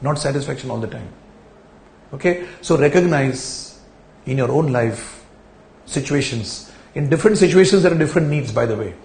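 A man's voice: mid-range voice, expressive, normal speed, vocal fry, a little mellow, echoey room, slight background noise. A man giving a recorded lecture to camera, explaining ideas with rhetorical questions and repeating key phrases. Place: indoor room, speaking in front of a camera.

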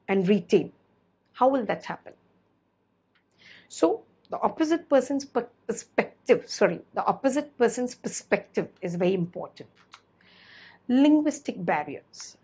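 Husky-voiced woman lecturing. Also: on the high side, darkish tone, poor audio. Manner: repetitive, asks rhetorical questions, self-corrects. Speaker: teacher. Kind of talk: classroom lecture.

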